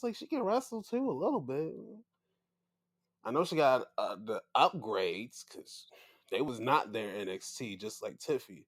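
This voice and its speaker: A man hosting a casual wrestling recap show, excitable and profane, often acting out his own reactions. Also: medium pitch, normal speed. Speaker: podcast host.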